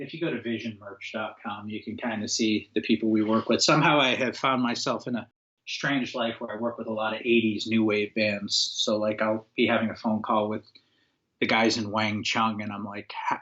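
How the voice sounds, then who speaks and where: A man's voice: on the low side, normal speed, muffled recording. A man from upstate New York, a guest on a podcast, telling an anecdote in casual conversation and acting out the quotes with lots of fillers. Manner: animated storyteller, acts out quotes, frequent fillers. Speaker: guest, former record label owner.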